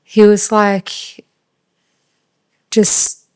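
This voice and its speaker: A woman with an Australian accent, a podcast guest, telling a personal story in a halting, flat way with lots of fillers. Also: medium pitch, smooth. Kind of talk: casual storytelling.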